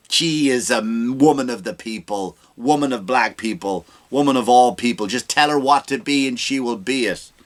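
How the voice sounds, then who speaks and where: A man's voice: mid-range voice, normal speed. A man hosting a comedy podcast, ranting sarcastically about politics with profanity and rhetorical questions.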